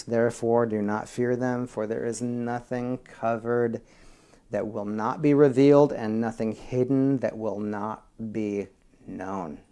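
A male pastor preaching a sermon. He reads scripture, calls for amens from the congregation, and moves between hushed whispers and rousing shouts with chatty asides. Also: medium pitch, takes it slowly, clear, resonant tone. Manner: call-and-response with the congregation.

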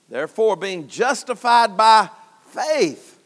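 Man preaching, very high voice, lively swings, slow unhurried delivery, long church reverb. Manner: shouting and dropping low, folksy. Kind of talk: sermon.

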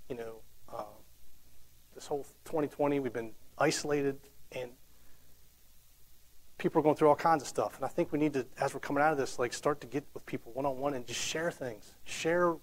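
A man's voice: mid-range voice, brisk, rough recording. A man in his thirties giving a casual, conversational sermon, telling stories with frequent restarts and fillers. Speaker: preacher.

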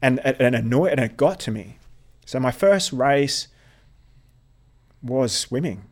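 A man telling a painful personal story in an interview, halting and repeating himself, with blunt language when upset. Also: mid-range voice, animated. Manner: halting, repeats words, restarts. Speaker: interviewee, veteran athlete.

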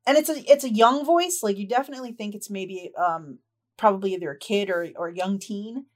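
A woman running a tabletop game as game master, describing scenes in a relaxed, chatty way with frequent fillers. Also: medium pitch, a little fast.

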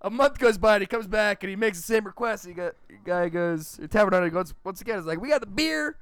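Podcast co-host, man, high-pitched, jokey storyteller who trips over his starts. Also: fairly even intonation, fast talker, fairly bright tone, clean tone. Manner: joking, tells jokes with restarts. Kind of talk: casual chat.

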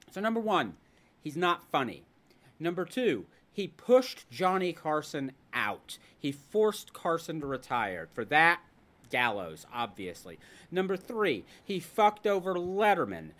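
Animated ranting podcast host, a man. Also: high-pitched. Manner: animated, ranting, jokey storyteller. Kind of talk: casual chat.

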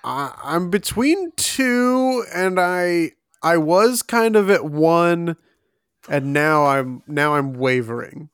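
A young man co-hosting a casual trivia contest, reading questions aloud and thinking out loud between laughs. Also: fairly high pitch, animated, takes it slowly, clean tone, dry recording, studio quality.

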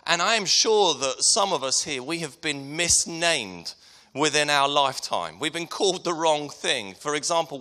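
In a church hall with long reverb, an English-accented man in his thirties from Hertfordshire, England delivers a sermon casually, cracking jokes and poking fun at himself. His voice is a little high, with a bright, forceful tone.

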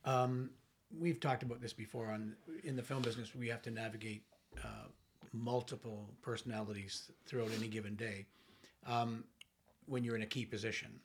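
A man's voice: mid-range voice, steady tone, a little hiss or hum. A man with an Ontario Canadian accent, interviewing a guest and asking questions with a few fillers. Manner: inquisitive, halting with fillers. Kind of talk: casual interview.

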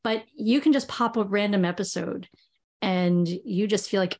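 A woman co-hosting a podcast, speaking casually with quick restarts at the start of her sentences. Her pitch sits in the middle of the usual range. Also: darkish tone.

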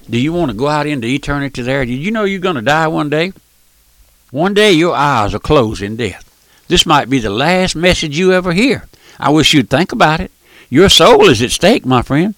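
A man's voice: on the high side, a bit bright, no room sound. An older man preaching a radio sermon, emphatic and folksy.

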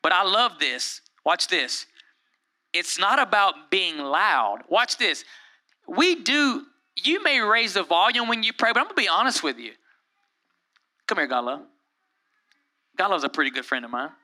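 A pastor delivers a lively, conversational sermon in a high voice, taking his time and leaving long pauses. He jumps into raised voices to act out the people he quotes.

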